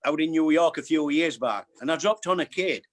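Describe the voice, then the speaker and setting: An older Yorkshire man, a guest barber, telling a story with a cheeky, boastful streak. He repeats his punchlines, and his voice sits a little high. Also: brisk. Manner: boastful, jokey, repeats himself. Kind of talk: casual storytelling.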